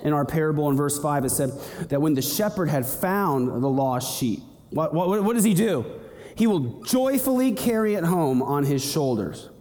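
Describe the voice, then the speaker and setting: A young man preaching a sermon in an animated way, acting out little scenes and voices as he goes. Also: fairly high pitch, moderate pace. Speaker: pastor. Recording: long hall reverb.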